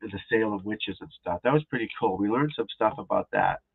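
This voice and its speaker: A man's voice: on the low side, a little fast, creaky, slightly rough. A man rambling in casual live-stream chat, restarting sentences and talking to his viewers, with tinny phone-like audio. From New England. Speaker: golf instructor streaming live.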